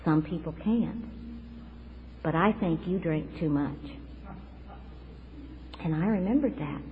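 A woman in her fifties gives a personal testimony about recovery, speaking in an earnest, reflective way and sometimes close to tears. The recording is dull and lo-fi, with a faint hiss underneath. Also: medium pitch. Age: 50s. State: tearful at times.

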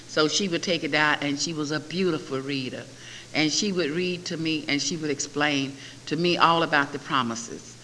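A bright, sharp-toned older woman gives a personal testimony as a recovery meeting speaker. She tells her story vividly and slips into lively voices for the people in it. Her voice rings through an echoey hall over a faint hiss. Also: low-pitched.

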